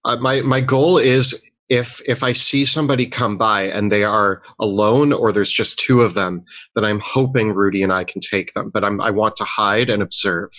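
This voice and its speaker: Low-voiced man playing a tabletop game. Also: steady tone, moderate pace, bright, forceful tone. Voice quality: casual, thinking aloud with "like". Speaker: player. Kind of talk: casual tabletop play.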